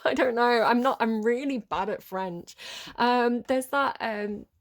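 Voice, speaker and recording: A woman giving a casual collective tarot reading to her channel. She chats and rambles, thinks out loud and laughs often. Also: fairly high pitch, measured pace. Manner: thinks aloud with many fillers. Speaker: tarot reader.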